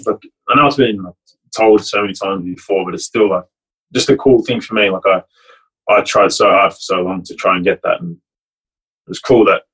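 A man's voice: lowish voice, fairly bright tone, breathy edge, low-quality recording. A young man, a rugby league player and coach, telling a heartfelt, rambling story in casual chat. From Fiji. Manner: rambling and heartfelt, many restarts and "like".

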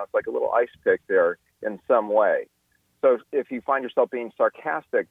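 A man's voice: mid-range voice, dry recording. Male guest expert on a tinny phone line, lots of restarts, dry sound. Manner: explanatory, with frequent restarts and fillers. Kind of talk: radio interview. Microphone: telephone.

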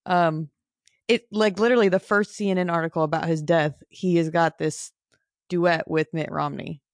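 A woman's voice: on the low side, steady tone, moderate pace, no room sound, studio quality. A woman guest on a podcast, easygoing, chiming in briefly and laughing along. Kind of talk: casual conversation.

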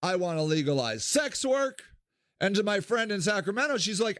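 A man's voice: moderate pace, no echo, clean studio sound. A man from Ohio giving a candid solo monologue as a podcast host, blunt and swearing freely. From Akron, Ohio, US. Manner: blunt, swears freely, animated swings in pitch.

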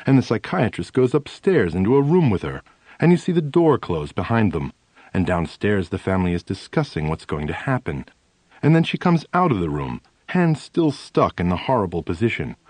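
Animated male audiobook narrator. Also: lowish voice, no echo. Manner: animated storytelling with shifting emphasis. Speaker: audiobook reader. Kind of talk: first-person memoir narration.

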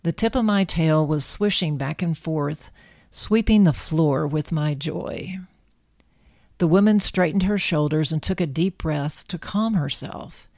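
Low-voiced woman reading a story. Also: darkish tone, no room sound, clean studio sound. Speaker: narrator. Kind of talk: storybook narration.

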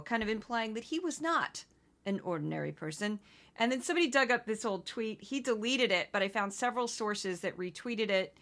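A woman from Missouri hosting a solo news-commentary podcast, talking in an indignant, conversational way with quick asides. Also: on the high side, animated, fairly bright tone. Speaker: podcast host.

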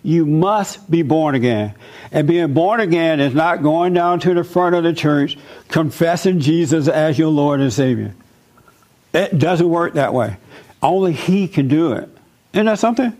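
A man's voice: fairly high pitch, animated, normal speed, darkish tone. Man preaching in a folksy way. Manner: conversational, folksy, with personal stories. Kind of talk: informal sermon.

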